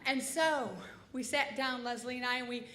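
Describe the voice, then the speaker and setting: A woman's voice: sits high, steady tone, normal speed, sharp tone, a little hiss or hum. A woman in her forties from Michigan telling a comic, self-deprecating story live on stage, in a chatty way.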